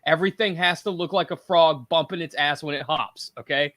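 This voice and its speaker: A man's voice: a little high, fairly quick, fairly bright tone, slight background noise. A man hosting a casual panel chat, talking in emphatic, rambling rants. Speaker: podcast host.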